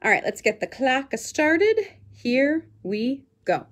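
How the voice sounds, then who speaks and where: Pilates teacher lady, chatty and animated, voice jumps all over while she tells a story. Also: high voice, takes it slowly. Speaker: Pilates instructor. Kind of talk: telling a story during a workout class.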